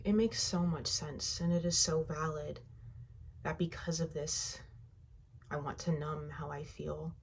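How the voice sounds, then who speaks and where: A woman guiding a tapping session, speaking slow, heartfelt first-person affirmations that trail off softly at the ends of phrases. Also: low voice, steady tone, gravelly, slight background noise. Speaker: EFT tapping guide.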